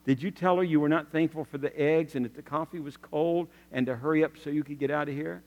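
A man's voice: fairly high pitch, fairly even intonation, fast, big-room sound, muffled recording, close to an everyday voice. A man voicing a young daughter who asks her father earnest, honest questions.

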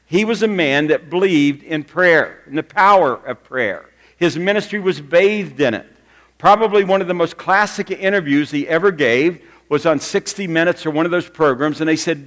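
A man's voice: fairly high pitch, normal speed. A male pastor giving a sermon to a congregation, telling stories in a conversational way and asking them direct questions. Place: church sanctuary with a congregation. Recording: long reverb of a church hall.

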